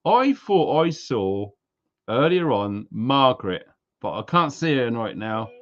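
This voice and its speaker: A British man with a mid-pitched voice hosts a live stream and chats casually with the audience, greeting viewers by name. The recording has a slightly dull, lo-fi sound. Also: sing-song, slow. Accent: British English. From England. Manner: chatty, greets viewers one by one. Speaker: livestream host.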